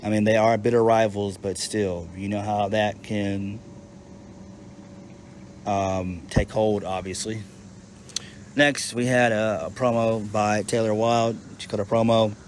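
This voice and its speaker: A man's voice: fairly low pitch, little pitch movement, a little slow, slight background noise. A man giving a casual, unscripted recap as a reviewer, blunt and profane, often restarting his sentences. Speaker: wrestling show reviewer.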